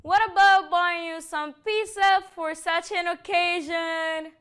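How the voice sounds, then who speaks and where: A woman playing a gentle friend, heard from afar. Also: extremely high pitch, steady tone, takes it slowly, heavily acted. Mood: friendly. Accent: Egyptian. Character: friendly, caring young woman. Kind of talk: amateur English-lesson drama. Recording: distant voice with music under it.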